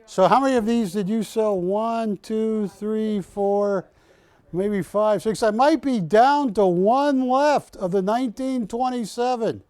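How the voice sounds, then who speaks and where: A man's voice: sits high, slow, darkish tone, clean tone, dry recording. An older man hosting a live shopping show, joking with staff and urging callers on. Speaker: shopping channel host. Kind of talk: live TV sales pitch. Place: TV studio.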